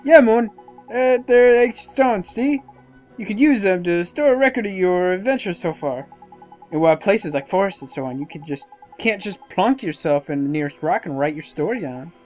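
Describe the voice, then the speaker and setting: A gamer reading a cheeky little male fairy sidekick's lines in a raised, animated voice. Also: mid-range voice, moderate pace, soft background music, voice pushed up, natural voice. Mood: chipper.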